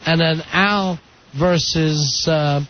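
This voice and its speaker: Man, talk radio host, chatty storyteller, slightly high voice, dull lo-fi broadcast with faint hiss. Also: steady tone, slow.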